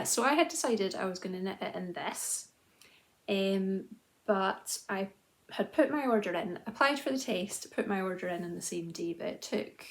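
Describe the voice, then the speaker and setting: Woman, 30s, knitting vlog host, casual and self-mocking, slight fry in the voice. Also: medium pitch. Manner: chatty and self-deprecating, with frequent "um" and restarts. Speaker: knitting video journal host. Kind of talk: casual chat to camera.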